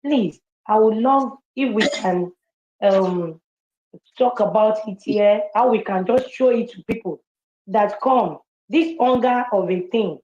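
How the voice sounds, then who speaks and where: A woman's voice: mid-range voice, a little slow, warm tone. Woman asking a question, polite and hesitant, roomy dull audio. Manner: polite, hesitant, repeats herself. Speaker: caller. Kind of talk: question from the audience in an online audio chat room.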